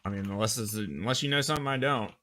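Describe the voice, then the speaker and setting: A man with a fairly low but bright, forceful voice makes blunt calls at the gaming table. He is dry and casual, with faint clicks behind him. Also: fast talker, a little hiss or hum. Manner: blunt, swears, dry remarks. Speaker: player. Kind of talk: casual tabletop game talk.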